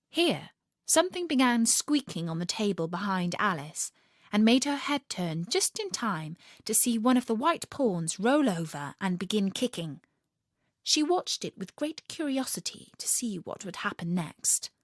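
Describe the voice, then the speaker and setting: A woman reading a children's storybook aloud in an expressive, animated way. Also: medium pitch, measured pace, dry recording, studio quality.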